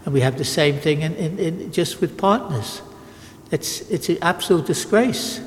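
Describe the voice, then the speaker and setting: A man's voice: fairly high pitch, lively intonation, moderate pace, big-room sound, slight background noise. An older man, a Catholic priest, giving an emphatic sermon with repeated phrases and frequent restarts.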